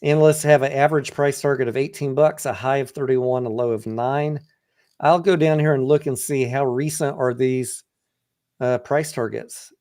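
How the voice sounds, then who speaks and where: A man's voice: medium pitch, fairly even intonation, normal speed, darkish tone. A man hosting a casual livestream and walking through a company's financials in a blunt, profane, conversational way. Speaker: livestream host and stock trader.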